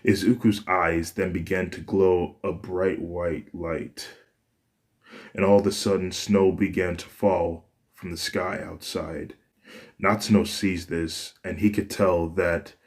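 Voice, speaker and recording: A male storyteller with a deep voice reads a fan story aloud, unhurried and plain. His delivery is unpolished, stumbling and restarting now and then. Low pitch and slow pace throughout. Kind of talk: fan fiction narration.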